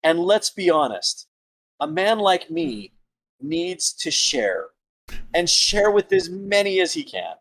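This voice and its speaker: A boastful ladies' man drawls his lines out slowly in a slightly high voice, as a man plays him at the game table. He sounds smooth and seductive, savouring every word. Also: big pitch swings, a bit bright, full character voice. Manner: slow, drawn-out seductive speechifying. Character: smooth-talking womanizing male adventurer, boastful. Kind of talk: in-character tabletop role-play speech.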